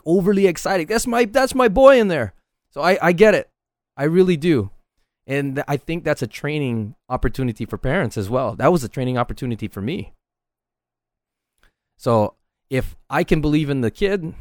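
A man's voice: medium pitch, dry recording. Middle-aged guy coaching martial arts, talks earnest, keeps saying right?, dry sound. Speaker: martial arts instructor and podcast host. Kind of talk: casual solo podcast talk.

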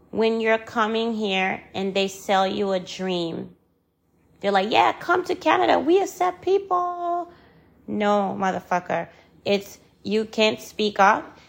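An angry, frustrated woman speaking her mind in a personal vlog. She talks slowly and deliberately, with a gravelly, creaky edge to her mid-pitched voice. She hammers her points home by repeating phrases and swears freely. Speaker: vlogger.

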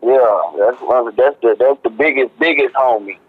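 A man who is a musician, calling in to a casual radio interview, laid-back and slangy, with halting speech. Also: medium pitch, a crowd in the background. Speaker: musician guest. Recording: tinny phone line.

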